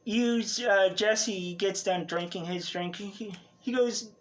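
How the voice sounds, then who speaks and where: A man's voice: sits high, slow pace, hardly any pauses. A man narrating a tabletop role-play as game master, rambling with many fillers and restarts.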